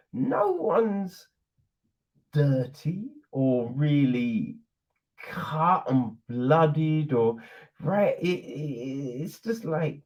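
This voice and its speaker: Animated man on a slow, lively podcast. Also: a little high, dull audio. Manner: animated, laughing, acts out quotes in put-on voices. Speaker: podcast host reviewing a film. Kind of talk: casual spoken film review.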